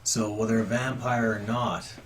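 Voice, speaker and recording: A man's voice: fairly low pitch, little pitch movement, moderate pace, slight background noise. A man narrating scenes and questioning players as game master in a tabletop game. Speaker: dungeon master.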